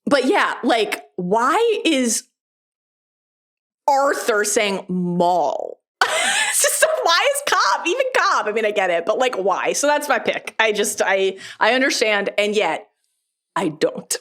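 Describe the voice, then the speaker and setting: A woman's voice: mid-range voice, animated, takes it slowly, fairly bright tone. A woman co-hosting a podcast in casual chat, rambling and self-deprecating, laughing often. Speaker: podcast co-host.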